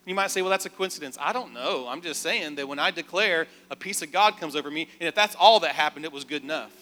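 A man preaching a sermon, telling a personal story and leading declarations in an animated, emphatic way. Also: fairly high pitch, fast. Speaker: pastor. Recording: long hall reverb.

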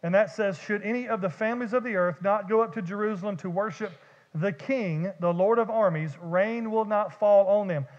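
In a church sanctuary, a pastor preaches a sermon conversationally, often repeating and restarting words. His voice is high and darkish at a moderate pace, captured in a dull, lo-fi recording with long reverb.

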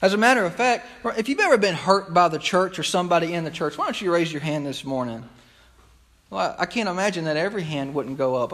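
A man's voice: on the high side, animated, fairly quick, fairly bright tone. A male pastor preaching a sermon to his congregation, impassioned and conversational, often repeating his phrases. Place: church sanctuary.

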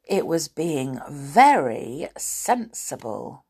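A woman reading a children's book aloud to young listeners, animated and dropping to whispers. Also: sits low, extremely slow, slightly rough.

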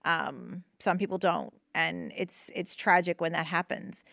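A woman hosting a podcast, talking casually and gently about grief, reassuring listeners with lots of fillers and restarts. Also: lowish voice, measured pace, gravelly, no room sound, studio quality. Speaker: podcast host.

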